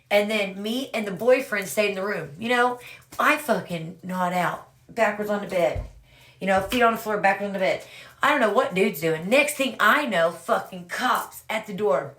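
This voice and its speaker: A woman's voice: medium pitch, a bit bright. A woman casually telling her own story to viewers, rambling and swearing freely, often calling out "you guys".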